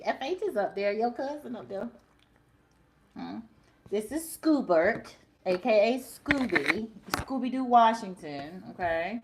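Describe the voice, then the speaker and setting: A woman's voice: on the high side, animated, measured pace. Chatty woman hosting a live stream. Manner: chatty, sing-song greetings, talks straight to viewers. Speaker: livestream host. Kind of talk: casual live-stream chat.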